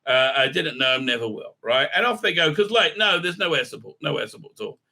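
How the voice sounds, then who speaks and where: A man's voice: fairly high pitch, big pitch swings, quick pace, creaky, pushed and bright. A man giving an exasperated, sarcastic recap review, full of "uh" fillers. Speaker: YouTube reviewer. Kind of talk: ranting episode recap.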